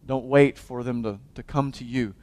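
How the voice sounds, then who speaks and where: A man preaching a sermon as a pastor, swinging from loud exhortation to hushed intensity, often restarting and repeating his words. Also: mid-range voice, fairly even intonation, moderate pace.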